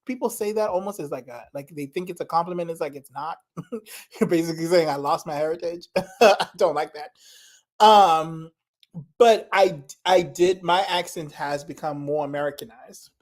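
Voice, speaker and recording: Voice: medium pitch, moderate pace. Rambling chatty vlogger from Zimbabwe. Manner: rambling, many fillers. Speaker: reaction vlogger. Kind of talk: casual chat.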